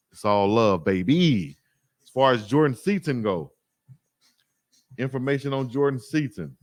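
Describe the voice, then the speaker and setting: A man from Alabama hosts a sports livestream. His pitch sits in the middle range, and he talks in a slangy, animated way while reading viewer comments aloud. The sound is dry and close, with no room echo. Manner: slangy, animated storytelling, reads chat aloud. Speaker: sports YouTube host.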